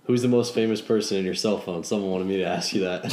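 A man's voice: sits low, fast talker, darkish tone. A man hosting a casual podcast, asking questions in a hesitant, easygoing way. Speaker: podcast host.

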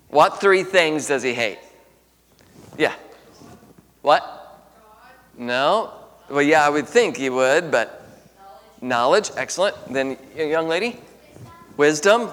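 A man leads a lively Bible lesson for a class, asking questions and laughing often between his fillers. His voice sits in a middle range, and it rings in a large hall with a long trailing echo. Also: mid-range voice. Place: large room with a piano. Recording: echoey hall.

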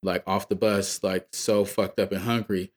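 A rapper from Atlanta, Georgia, with a Southern accent, is a guest telling a loose, profane story from tour, laughing often. His voice sits low, with a flat delivery and a moderate pace.

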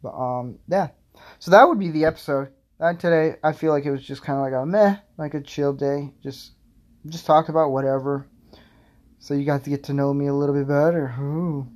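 A man's voice: fairly high pitch, darkish tone. A young man hosting his own podcast, rambling casually with lots of fillers and self-deprecating asides. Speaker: podcast host.

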